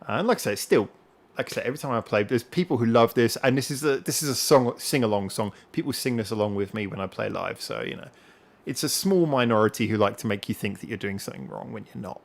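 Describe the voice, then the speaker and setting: A man's voice: mid-range voice, animated, fast, gravelly. Rambling, defensive man on a livestream. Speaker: musician hosting a live chat. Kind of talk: casual livestream chat.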